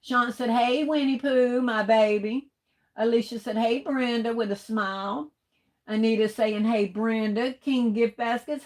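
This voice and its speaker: A woman runs a casual livestream, reading out her viewers' comments one after another. She greets each person by name and calls them baby, honey or darling. Her voice sits a bit on the high side. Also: unhurried, low-quality recording. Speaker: livestream host.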